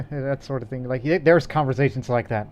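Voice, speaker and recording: A man's voice: medium pitch, fairly quick, darkish tone. A man co-hosting a casual gaming podcast, rambling with fillers and restarts. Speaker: podcast co-host.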